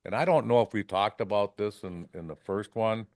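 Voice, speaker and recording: A man's voice: lowish voice, normal speed, a little mellow, no echo, studio quality. A man from Wisconsin, a fishing guide, telling rambling stories on a podcast, often ending lines with "right?" and acting out salty quotes. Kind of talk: casual storytelling. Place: podcast studio.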